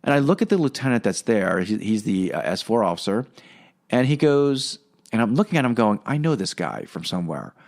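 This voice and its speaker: A man's voice: mid-range voice, animated, a little fast, a little mellow. A man hosting a podcast, telling a long personal story in a casual, rambling way with lots of fillers and restarts. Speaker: podcast host.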